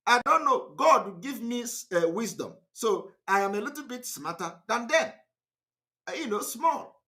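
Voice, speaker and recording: A man with a Nigerian accent and a high-pitched, pushed, bright voice delivers an impassioned live online broadcast as an activist. He's emphatic and defiant, repeating his points.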